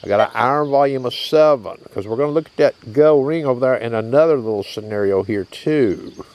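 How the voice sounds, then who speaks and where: A man's voice: mid-range voice, fairly quick, darkish tone. A man, from Tennessee, casually demonstrating gear outdoors in a folksy, drawling way, often checking in with his listeners. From Tennessee, USA. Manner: folksy, drawling, keeps checking in with "okay?" and "you hear that?". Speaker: metal detecting channel host. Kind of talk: casual outdoor equipment demo.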